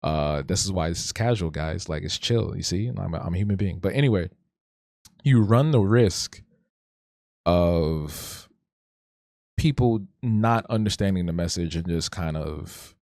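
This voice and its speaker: Low-voiced man musing casually on stream. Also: animated, unhurried, a little mellow, dry recording, clean studio sound. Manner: rambling, reflective, restarts and stutters often. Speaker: streamer hosting an art talk show. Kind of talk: casual livestream commentary.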